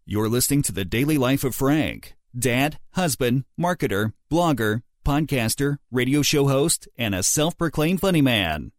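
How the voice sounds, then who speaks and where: A man putting on a booming announcer voice for his own podcast intro, listing titles deliberately. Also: expressive, no echo, close to an everyday voice.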